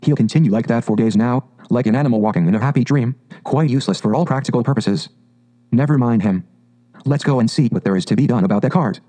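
A man playing a practical storybook water rat who speaks firmly and sternly. The tone is low-key and mellow. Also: quick pace, natural voice. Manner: firm and stern. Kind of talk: storybook reading.

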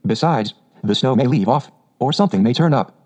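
A man voicing a practical male water rat in a storybook reading, speaking briskly and impatiently on a dull lo-fi recording. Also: medium pitch, expressive, darkish tone, breathy edge. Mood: tired.

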